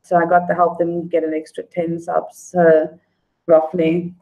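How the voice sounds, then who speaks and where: A woman's voice: lowish voice, monotone, a little slow, mellow, low-quality recording. A woman chatting casually on a livestream, greeting viewers by name. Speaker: livestream host. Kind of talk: casual livestream chat, reading viewer comments.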